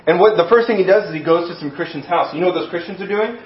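A man preaching a sermon as pastor, telling the story with lively acted-out voices. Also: sits high, very fast. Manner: animated storytelling, acting out voices. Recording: echoey room, dull sound.

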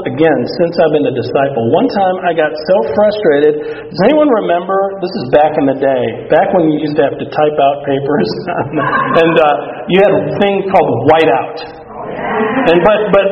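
A middle-aged man preaching a sermon, telling candid, self-mocking stories from his own life. His voice sits a little high for a man, and it rings through a large hall from a distance. The sound is somewhat dull. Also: a little hiss or hum. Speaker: pastor. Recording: echoey hall from far off, dull.

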